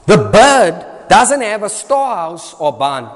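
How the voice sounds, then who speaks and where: A man with a South African accent preaching a sermon, emphatic and repetitive, his voice swinging between loud and soft. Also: high-pitched, very animated, slow. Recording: long reverb of a hall.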